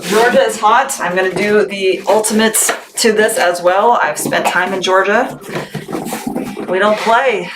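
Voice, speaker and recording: A woman's voice: mid-range voice, measured pace, over music. Bubbly woman hosting a live sales stream. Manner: chatty, bubbly, laughs often. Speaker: small business owner selling on a livestream. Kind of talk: casual live sales chat. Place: home workspace packing orders. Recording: background noise with clicks.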